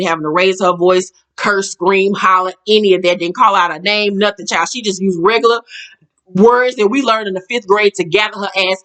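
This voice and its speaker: A woman casually recapping a reality show episode, animated and slangy, laughing and acting out the quotes. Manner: animated, laughing, acts out quotes in a higher pitch; slangy and profane, says child and girl.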